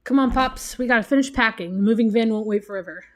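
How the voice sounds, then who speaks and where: A woman reading the lines of a sassy, deadpan teenage daughter in a video game, close to her own voice. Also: a little high, quick pace, close to an everyday voice. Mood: teasing.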